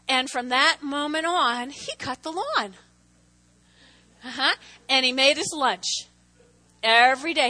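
A middle-aged woman telling personal stories in a church talk, animated, with restarts and asides. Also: high voice. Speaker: church speaker.

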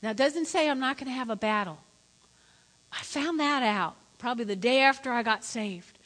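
A woman preaching a sermon with a high, bright voice, keeping her congregation engaged with repeated questions. She moves between quiet asides and loud emphasis. The sound carries a long hall echo. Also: normal speed.

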